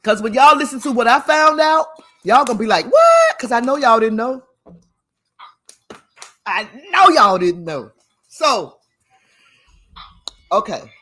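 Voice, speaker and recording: A woman's voice: on the high side, lively intonation, measured pace, pauses often, pushed and bright. A woman hosting a livestream, talking casually and emphatically to her viewers, often laughing and sounding preachy. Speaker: livestream host.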